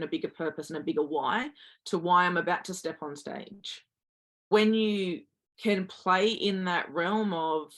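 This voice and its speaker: A woman in her thirties talks as a mindset coach, her voice sitting a little low. She is earnest and encouraging. Now and then she acts out the voices inside someone's head. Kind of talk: motivational talk.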